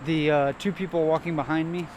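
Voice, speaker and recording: Halting man talking on a walk. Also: a little high, steady tone, a little mellow. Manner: halting, hesitant, repeats words. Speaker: vlogger. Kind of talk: rambling self-reflective monologue while walking. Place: outdoor nature trail. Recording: faint outdoor noise.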